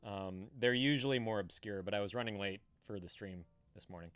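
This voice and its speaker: A man's voice: on the low side, a little fast, a bit bright, smooth, dry recording. An American man hosting a live stream in casual chat, swearing freely and greeting viewers by name. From United States. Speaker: streamer host.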